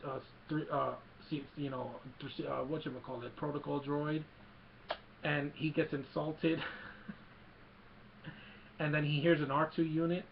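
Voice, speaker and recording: A man's voice: a little high, level tone, moderate pace, gravelly, pauses often, lo-fi sound, slight background noise. A man casually retelling a movie scene by scene, rambling with many fillers. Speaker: film recap vlogger.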